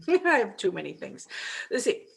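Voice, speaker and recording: A woman's voice: mid-range voice, normal speed, creaky. A middle-aged woman, a mindset coach, telling a story in a casual interview and acting out the people she quotes. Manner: animated, acts out quoted voices with laughter.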